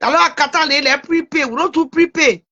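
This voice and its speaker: A woman hosting a casual livestream, talking straight to her audience in an animated way and tripping over names. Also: high-pitched, brisk, dull audio. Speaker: livestream host.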